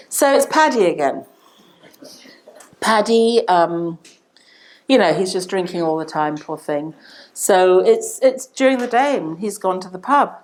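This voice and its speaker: An older woman telling an old joke to an audience, animated and laughing along. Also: fairly low pitch. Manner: animated storytelling, laughing at her own jokes. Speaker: speaker. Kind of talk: telling jokes in a talk.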